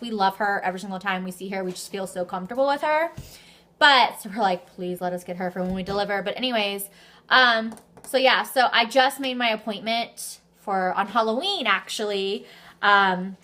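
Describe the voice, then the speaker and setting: A young adult woman vlogging in a casual, chatty way, telling her story with animated energy and the odd swear word. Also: medium pitch, normal speed. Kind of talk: casual chat.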